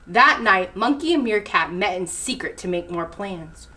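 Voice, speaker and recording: A woman who is a children's librarian, reading picture books aloud at story time in an animated, expressive way. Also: mid-range voice, normal speed.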